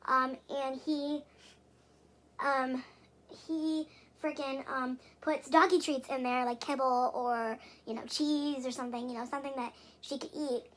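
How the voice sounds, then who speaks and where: Young adult woman vlogger, high pitch, exasperated rambling rant. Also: steady tone, measured pace. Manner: rambling and exasperated, with frequent swearing and fillers. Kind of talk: casual venting vlog.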